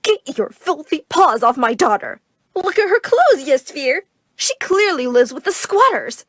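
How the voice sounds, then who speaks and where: A woman's voice: a little high, lively intonation, a little fast, no room sound, clean studio sound. A woman voicing a money-obsessed mother who commands and scolds. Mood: shrieking. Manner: shrieking, commanding. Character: shrill money-obsessed mother, bossy and scornful.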